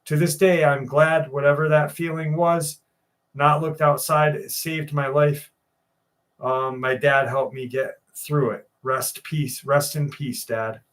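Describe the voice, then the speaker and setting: A man's voice: fairly high pitch, steady tone, slow pace, fairly bright tone. A man hosting a live stream, chatting casually and reading viewer comments in a loose, jokey way with plenty of swearing.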